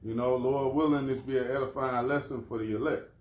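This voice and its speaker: A man's voice: medium pitch, steady tone, fairly quick, a little mellow, echoey room. A man leading an informal religious lesson, casual and conversational, often calling people "man" and "bro". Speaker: lesson leader.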